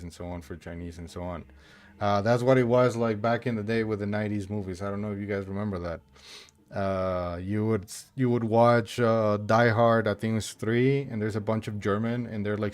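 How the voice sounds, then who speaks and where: A man's voice: on the low side, darkish tone. A man from Mexico chatting casually while streaming a game, rambling with many fillers and restarts. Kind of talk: casual chat while gaming.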